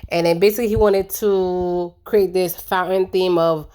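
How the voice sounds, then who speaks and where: A woman's voice: on the low side, steady tone, normal speed, dark tone, clear, resonant tone. A woman giving a casual, opinionated recap of a reality show, chatty and colloquial with lots of fillers.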